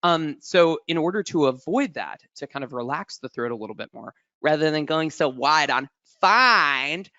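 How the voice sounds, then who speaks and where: Male vocal coach, encouraging, bright voice, lively pitch, dry muffled webinar sound. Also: moderate pace, hardly any pauses, no room sound. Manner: encouraging, demonstrates notes by singing.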